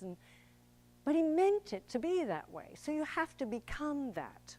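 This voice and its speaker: A woman's voice: high-pitched, very animated, a little slow, mellow. An older woman, an actor and director, giving a chatty, theatrical public talk to an audience. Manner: chatty and theatrical, acts out quoted voices.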